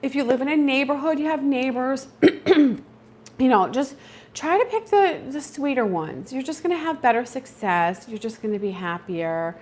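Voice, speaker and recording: Chatty woman with a lively, high voice. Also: moderate pace. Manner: chatty and animated, acts out her own reactions. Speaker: homesteading channel host. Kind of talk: casual livestream chat.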